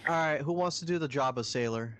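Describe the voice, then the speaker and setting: A man's voice: a little high, quick pace. A man hosting a game stream, chatting casually and voicing the lines with animation, laughing often. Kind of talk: casual stream chat and reading game dialogue.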